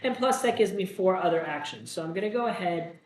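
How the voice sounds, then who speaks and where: A man hosting a solo board game playthrough, reading the story text aloud and then thinking out loud about his moves in a casual, self-deprecating way. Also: high-pitched, lively intonation, brisk, reverberant, low-quality recording.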